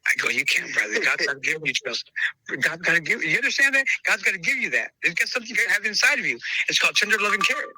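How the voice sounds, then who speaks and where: A man's voice: sits high, very animated, fast talker, pushed and bright, breathy edge, dry recording, poor audio. A man talking emphatically in a casual interview, repeating himself and calling the listener brother. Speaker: podcast host interviewed as dog trainer.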